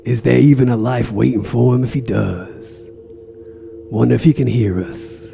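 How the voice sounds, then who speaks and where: A man's voice: medium pitch, steady tone, moderate pace, creaky, music in the background. A man playing a profane, melodramatic mobster-type in a coma who broods and snarls in an improvised comedy bit. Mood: brooding. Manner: brooding, foul-mouthed, melodramatic.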